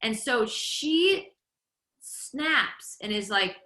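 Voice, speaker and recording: A woman guest on a podcast, telling a story in a lively, animated way, stumbling and restarting as she acts out the quotes. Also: a little high, drawn-out words, reverberant. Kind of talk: casual storytelling chat.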